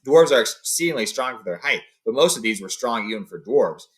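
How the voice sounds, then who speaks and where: Brief: a relaxed male reader, mid pitch, casual read-aloud storyteller. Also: a little fast. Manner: loose, with fillers and paraphrasing.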